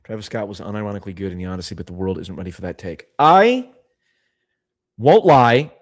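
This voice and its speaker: A man's voice: on the low side, expressive, brisk. A man hosting a livestream in casual chat, rambling and often cutting himself off mid-sentence. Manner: rambling, self-interrupting, chatty. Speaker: livestream host.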